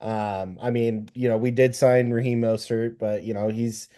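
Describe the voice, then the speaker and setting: Mellow, hesitant podcast man. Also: medium pitch, little pitch movement, normal speed. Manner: hesitant, many fillers, self-correcting. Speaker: podcast co-host. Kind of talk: casual sports chat.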